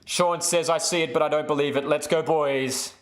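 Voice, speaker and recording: Excitable male live football host, echoey room. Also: normal speed. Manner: casual, excitable, calls the play, bursts into loud high cheers. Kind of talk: excited live match commentary to chat viewers.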